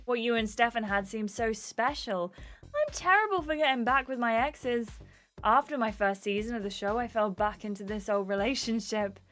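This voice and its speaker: A woman's voice: on the high side, moderate pace, a bit bright, faint music behind, close to an everyday voice. A woman voicing a chatty young female reality show contestant, gushing and confiding.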